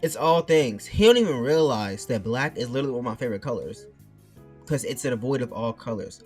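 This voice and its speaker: A man's voice: mid-range voice, lively intonation, brisk, faint music behind. Rambling man ranting to viewers. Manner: rambling, reads chat messages aloud and argues back. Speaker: streamer. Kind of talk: casual rant to viewers. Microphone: mic turned backwards.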